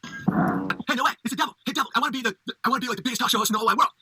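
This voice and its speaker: A man voicing a gullible, eager male talk show host in a cartoon parody, gushing and excitable. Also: very high voice, very fast, gravelly, slightly rough, soft background music, full character voice. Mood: giddy.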